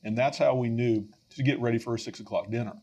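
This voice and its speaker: A middle-aged man hosting a podcast, telling a story with lively energy and frequent fillers and restarts. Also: medium pitch, fast talker, husky. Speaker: podcast host and rescue mission leader.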